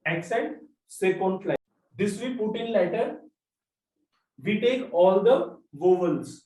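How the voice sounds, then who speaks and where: Teaching a French class, a man explains things step by step, spelling out letters one at a time. His voice is high-pitched, expressive and darkish in tone, and he takes it slowly. The distant mic catches plenty of room echo.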